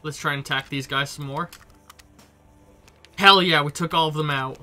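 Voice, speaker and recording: A man with a stuffy cold giving casual, excitable commentary while playing a game. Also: on the high side, normal speed, faint music behind. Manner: chatty, swearing, excitable reactions. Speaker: let's play streamer. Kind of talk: gameplay commentary.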